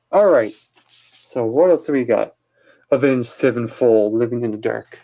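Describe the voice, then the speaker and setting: A man in a casual vlog, going through his movie collection and giving chatty, opinionated takes, often pausing with uh and um. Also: mid-range voice, expressive, dark tone. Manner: chatty, opinionated, with many uhs while listing titles. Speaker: vlogger showing his DVD collection.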